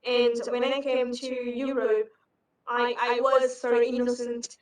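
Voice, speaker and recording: A woman's voice: a little high, flat delivery, unhurried. A woman telling stories as a guest in a casual interview, hesitant with many fillers. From Indonesia. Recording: roomy, distant from mic.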